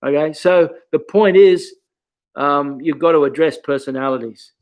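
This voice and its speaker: A man gives casual teaching advice as a karate instructor. His voice sits fairly high, and he keeps firing off questions and punctuating his points with "okay". He tells stories in a lively way. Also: moderate pace.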